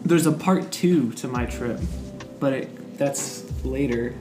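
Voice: mid-range voice, takes it slowly, reverberant, loud music behind the voice. A podcast co-host in casual chat with friends, joking, interrupting and laughing a lot. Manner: jokey, laughs often, interrupts. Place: apartment living room.

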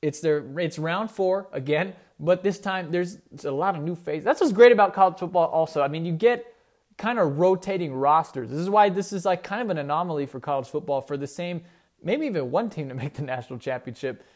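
A man's voice: fairly high pitch, a little fast, a little mellow. Rambling young man talking college football. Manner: rambling, self-correcting, conversational. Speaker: sports podcast host. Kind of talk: casual solo sports talk.

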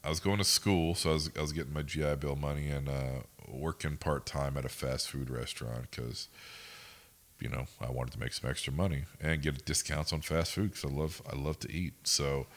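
A man's voice: rumbling low, moderate pace. A young man co-hosting a podcast, telling rambling, profane stories in casual chat. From United States. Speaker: podcast co-host.

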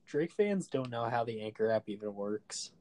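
A man's voice: mid-range voice, expressive, moderate pace, mellow. A man co-hosting a casual podcast chat, with a sarcastic, jokey way of talking. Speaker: podcast co-host.

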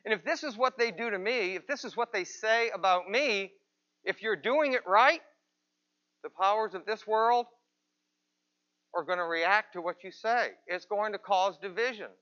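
A man's voice: high-pitched, normal speed, bright, forceful tone, highs cut off. A man pastor giving a conversational sermon in church, asking rhetorical questions of the congregation. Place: church, with people present and some watching remotely.

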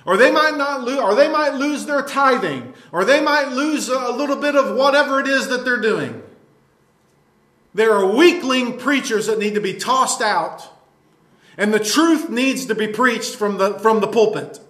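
High-voiced fiery male preacher. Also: normal speed, fairly bright tone, roomy sound. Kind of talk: sermon.

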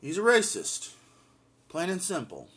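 A man's voice: sits high, wildly swooping pitch, measured pace, a bit bright, breathy edge. A man giving impassioned solo political commentary and reading an article aloud, blunt and emphatic, repeating lines for force.

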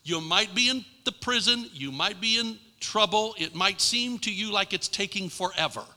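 An older man preaching a sermon, his voice bright and cutting and set a little high. He presses points with emphatic repetition, then sinks to a hushed tone. The sound carries a long reverb from a church sanctuary. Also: normal speed. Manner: impassioned, with emphatic repetition and sudden drops to a hushed voice. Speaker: pastor. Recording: long reverb in a large hall.

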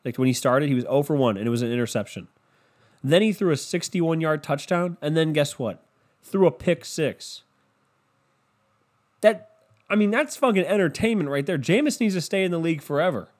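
Profane, animated man ranting on a podcast. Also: on the high side, normal speed. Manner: profane, animated, mocking impressions. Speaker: podcast host. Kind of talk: casual solo podcast rant.

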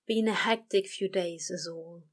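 A woman voicing Crowley, a weary, muttering demon. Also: measured pace. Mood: tired. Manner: low, tired and muttering, sometimes whispered. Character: weary male demon, worn down and frightened.

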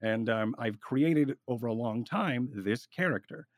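A man talks through roleplay advice in a loose, animated ramble, restarting his sentences as he goes. His voice sits at an ordinary middle pitch. The sound is dry and close, with no room around it. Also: measured pace, no echo. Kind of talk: casual podcast chat.

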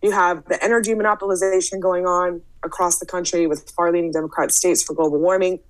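A woman hosting a casual podcast conversation, speaking in a brisk, opinionated way with frequent "um" fillers. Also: on the low side, level tone, rough recording.

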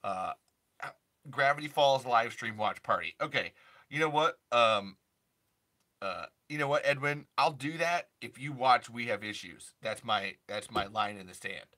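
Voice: mid-range voice, unhurried, sharp tone. A young adult streamer chatting casually and rambling through restarts, answering chat and jumping into impressions. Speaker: livestream host.

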